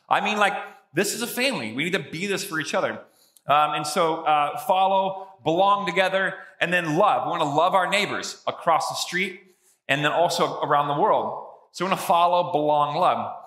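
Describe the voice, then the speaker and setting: This male pastor's voice is slightly high, bright and pushed, delivered at a normal speed. He gives his sermon as conversational, humorous storytelling inside a church sanctuary, and the room echoes with a long reverb.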